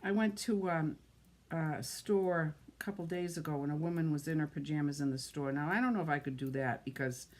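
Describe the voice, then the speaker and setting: A woman's voice: low-pitched, a little fast. A woman with a Boston-area Massachusetts accent, chatting casually through a live card-making demo and greeting viewers by name. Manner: chatty, greets viewers by name, thinks aloud while working. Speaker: card-making livestream host.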